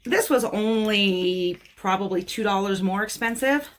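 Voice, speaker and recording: Woman nail tech rambling casually, blunt and down to earth, mid-pitched voice. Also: measured pace. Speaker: nail technician. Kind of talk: casual product haul talk.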